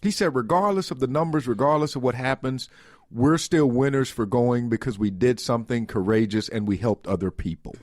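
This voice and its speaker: A man's voice: medium pitch, fairly quick, darkish tone, dry recording, clean studio sound. A man co-hosting a radio talk show, telling a story in a reflective, affirming way.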